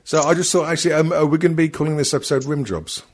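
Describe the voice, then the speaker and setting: A man's voice: on the high side, fairly even intonation, rapid-fire, darkish tone. A man co-hosting a podcast, chatting casually, swearing often, rambling and laughing a lot. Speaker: podcast co-host. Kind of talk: casual banter.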